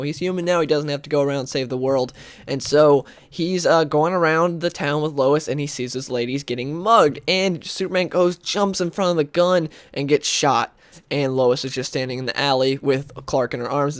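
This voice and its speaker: A man's voice: medium pitch, no echo. A man hosting a comic book video, recapping a story in a loose, rambling way, full of "like" and "uh" and brief acted-out quotes. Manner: rambling, lots of "like" and "uh"; briefly acts out characters' lines. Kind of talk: casual spoken story recap.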